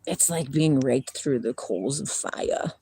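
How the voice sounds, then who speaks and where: Playful rambling woman, lively pitch. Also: slow, slightly rough. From Washington state, USA. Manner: rambling, playful, drifts between chat and singing. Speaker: livestream host. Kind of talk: casual livestream chat with viewers. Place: outdoors by a river.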